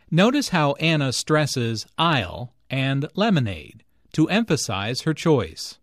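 A man explains pronunciation points in a scripted English lesson. His speech is clear and deliberate, with a lively, rising-and-falling melody. The recording is dry with no room sound. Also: medium pitch, no echo. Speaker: English teacher and narrator. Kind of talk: scripted language lesson narration.

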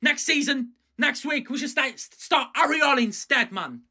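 A man ranting in a reaction vlog, swearing and swinging from angry shouts to low, sheepish mumbling. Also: animated, a little slow. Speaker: fan reaction vlogger.

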